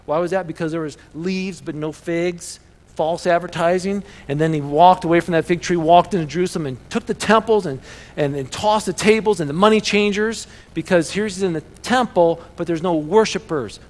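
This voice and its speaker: A man preaching a sermon as a pastor, telling stories with bursts of loud excitement. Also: high-pitched, normal speed, in a large hall.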